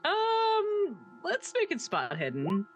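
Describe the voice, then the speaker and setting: High-voiced woman playing a tabletop game. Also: huge pitch swings, takes it slowly, soft background music. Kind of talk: casual actual-play chat.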